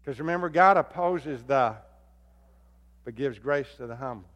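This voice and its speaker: A man preaching a sermon as pastor, swinging between loud emphatic calls and low hushed appeals. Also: normal speed. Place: church sanctuary. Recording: long hall reverb.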